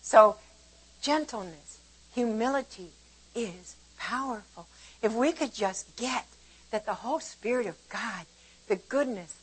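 A woman's voice: a little high, slightly rough, poor audio. Older woman teaching scripture casually. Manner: conversational and animated, shifting between warm explanation and lively retelling. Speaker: Bible teacher.

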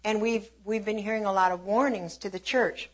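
A woman preaching a sermon with an opening prayer, fervent and emphatic, swinging between hushed and forceful delivery. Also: medium pitch, fairly even intonation, moderate pace.

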